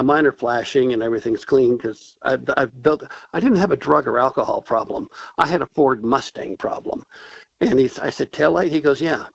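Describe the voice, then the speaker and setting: A man's voice: medium pitch, creaky, slightly rough, no echo, muffled recording. A man calling in to a talk show, telling a story casually and animatedly, acting out the voices he quotes. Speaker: caller.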